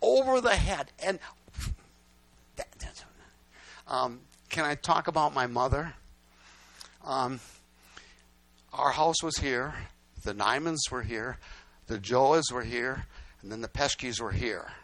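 A man's voice: medium pitch, animated, takes it slowly, fairly bright tone, dry recording. An older man preaching, telling folksy stories with repeated lines and "guess what?" asides. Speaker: pastor. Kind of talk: storytelling sermon.

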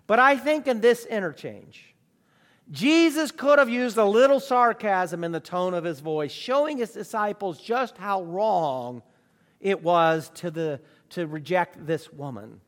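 A man's voice: high-pitched, expressive, a little slow, a bit bright. A man preaching a sermon with emphatic rhetorical questions. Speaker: pastor. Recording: long reverb of a large hall.

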